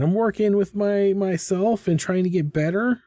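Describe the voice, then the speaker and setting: A middle-aged man with a fairly high voice chats casually as he sketches, wandering from topic to topic and poking fun at himself. His sound is dry and close, with no room around it. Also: expressive, measured pace, gravelly, a little mellow, no echo. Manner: rambling, self-mocking and chatty. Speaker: artist hosting a live drawing stream. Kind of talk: casual chat while drawing. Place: home art studio.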